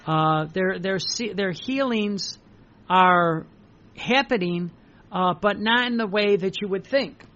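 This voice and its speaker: Older man, priest, high voice, halting sermon with fillers, dull lo-fi recording. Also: a bit bright. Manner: halting, repeats words, many fillers. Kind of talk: preaching with personal stories.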